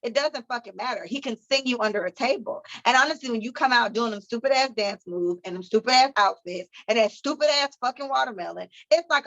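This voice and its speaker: Profane, animated woman on a podcast. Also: high voice, fairly quick, hardly any pauses, highs cut off. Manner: profane, animated storytelling with quoted voices. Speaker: podcast co-host. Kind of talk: casual chat.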